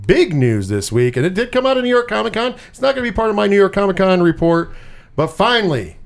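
A man hosting a casual pop-culture chat, animated and swearing freely, with lots of repeated words. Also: high-pitched. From US Northeast. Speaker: podcast host.

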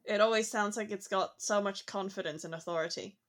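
Woman, casual chat, reflective, quick to laugh. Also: medium pitch, fairly even intonation. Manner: chatty, reflective, laughs easily.

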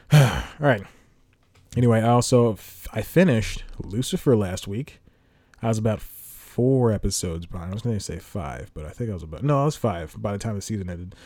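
A man's voice: on the low side, moderate pace, mellow, no echo. A young man hosting a solo podcast, chatting casually and rambling, correcting himself and chuckling as he goes. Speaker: podcast host.

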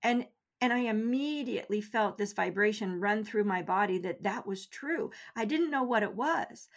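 A middle-aged woman, an interview guest, recounting a personal experience in an earnest, measured way with soft laughs. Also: mid-range voice. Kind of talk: interview storytelling.

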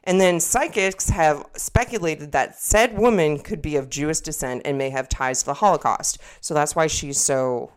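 Low-voiced young woman chatting casually. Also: moderate pace, few pauses, clean tone. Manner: rambling, swears casually, frequent restarts. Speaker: podcast co-host. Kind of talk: casual podcast chat.

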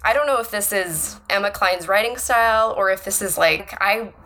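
A woman's voice: mid-range voice, moderate pace, pushed and bright, slight background noise. A woman co-hosting a casual book discussion, chatty and full of "like" fillers. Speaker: book club podcast co-host.

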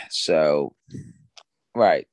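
A man's voice: very deep voice, extremely slow, dry recording. Stammering man with a dry voice. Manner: stammering, repeats words, excitable. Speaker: podcast co-host. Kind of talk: casual film review chat.

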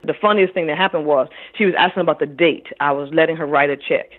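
A middle-aged woman, an author speaking as an interview guest, telling stories in an animated way and acting out what other people said. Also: low-pitched, fast talker. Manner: animated storyteller who acts out other people's voices. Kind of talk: interview conversation. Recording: tinny phone line.

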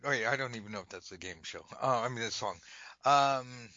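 A man's voice: medium pitch, brisk, sharp tone, dry recording, muffled recording. A man co-hosting a podcast, improvising silly stories, laughing often and breaking into goofy voices. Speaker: podcast co-host. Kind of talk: improvised comic storytelling game.

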